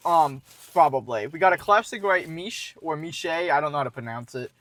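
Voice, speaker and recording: A man's voice: a little high, lively intonation, brisk, a bit bright, no echo. A man hosting a casual food review from inside a car, rambling and self-assured with a jokey streak.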